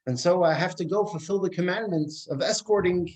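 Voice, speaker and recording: A man's voice: sits high, fairly quick, a little mellow, pitched above the performer's own voice. A smug rich miser from a told folk tale, played by a man in a sermon. He sounds eager and self-important. The voice sits somewhat above the teller's own.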